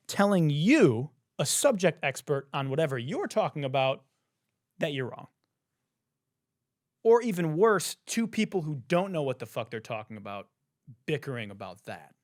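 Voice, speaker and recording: Profane, animated young man. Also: on the high side, normal speed, no echo, clean studio sound. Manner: animated, profane storytelling, swings between hushed and loud. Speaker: podcast host. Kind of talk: casual chat.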